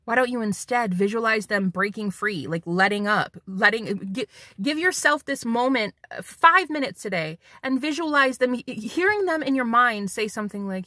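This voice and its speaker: A woman's voice: fairly high pitch, lively intonation, moderate pace, pushed and bright, no room sound, clean studio sound. Blunt, profane woman psychic. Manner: blunt, profane, preachy, emphatic. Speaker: psychic medium and tarot reader. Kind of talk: spiritual tarot reading vlog.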